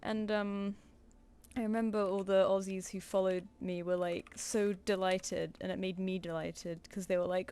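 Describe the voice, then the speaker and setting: A young woman chats loosely while she draws live for viewers. She laughs often, swears casually and wanders from story to story in an easy, mid-pitched voice. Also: flat delivery, moderate pace, a little mellow, clean tone. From United Kingdom. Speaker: streamer. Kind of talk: casual chat while drawing on stream.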